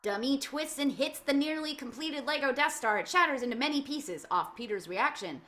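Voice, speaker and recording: A woman narrating the action description in a fan table read of a film script, reading briskly and matter-of-factly. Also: sits high, animated, sharp tone.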